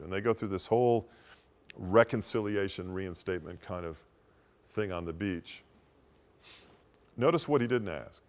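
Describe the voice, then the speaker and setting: A man hosting a devotional program, giving an earnest teaching talk that swings between emphatic and hushed. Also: on the low side, normal speed, pauses often. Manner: earnest and explanatory.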